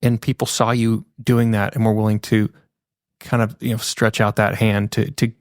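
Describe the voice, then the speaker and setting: A man hosts a podcast, reflecting on what his guest has shared and summing it up in his own words. His voice has a gravelly texture, and the sound is close and dry. He speaks in a conversational way and affirms what he hears. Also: lowish voice, level tone, moderate pace, no echo. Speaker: podcast host. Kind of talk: conversational interviewing.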